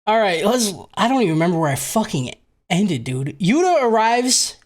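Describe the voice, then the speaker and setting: A man's voice: high-pitched, big pitch swings, moderate pace. A man casually recapping an anime film on a podcast, swearing a lot and jokingly acting out the characters. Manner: profane, jokey, acts out characters in silly voices. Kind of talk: casual comedic chat.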